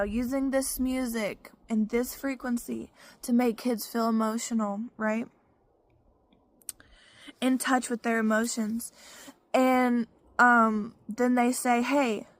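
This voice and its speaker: A woman's voice: a little high, a bit bright, no room sound. A woman, telling her own story in a frank, profane vlog full of "you know" fillers. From Arkansas, US. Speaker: vlogger. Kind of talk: casual personal testimony.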